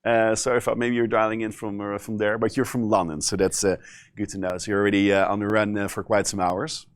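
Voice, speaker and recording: A man's voice: lowish voice, little pitch movement, smooth. Chatty male conference moderator. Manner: chatty, frequent filler pauses. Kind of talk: hosting a conference session.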